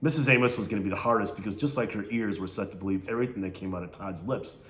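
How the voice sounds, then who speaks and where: A man reads a novel aloud in a low-pitched voice. He narrates steadily and stops to ask his listeners questions along the way. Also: very fast, a bit bright, reverberant. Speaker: reader.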